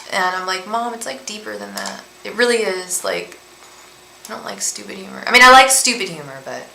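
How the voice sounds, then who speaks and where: Speaking to her live-stream viewers, a young tarot reader and psychic host rambles in a friendly, casual way. Her mid-range voice is gravelly yet pushed and bright. A roomy echo and a little hiss or hum color the audio.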